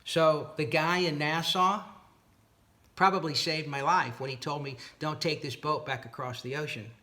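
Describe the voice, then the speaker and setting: A man's voice: a little high, normal speed. A man telling a long story about a dispute over his boat motors, reenacting both sides of the talk and sounding fed up and incredulous. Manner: animated retelling with exasperated, incredulous asides. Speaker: boat owner recounting a dispute. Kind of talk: casual storytelling to camera.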